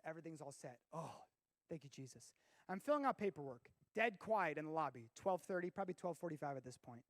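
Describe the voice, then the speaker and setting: A man giving a lively youth sermon, his voice sitting high for a man. He tells stories with big swings, dropping low and then shouting out the punchlines. A gravelly edge runs through his voice. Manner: animated storyteller, bursts into shouting for effect. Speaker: youth pastor.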